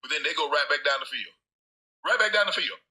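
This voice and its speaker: A man with a high, very bright voice argues football points on a sports show. He talks emphatically and insists on every point. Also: expressive, fast, rough recording. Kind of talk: sports debate talk.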